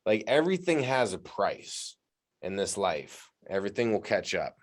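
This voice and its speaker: Low-voiced podcast host musing. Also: male voice, very animated, moderate pace. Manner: laughs often and adds short reactions, reflective when he talks longer. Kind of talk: casual chat.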